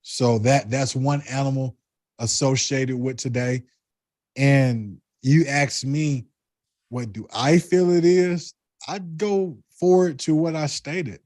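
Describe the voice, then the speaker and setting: A man with a Southern US accent talking in a deliberate, reflective way, with spiritual musings in casual conversation. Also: mid-range voice, steady tone, darkish tone, dry recording.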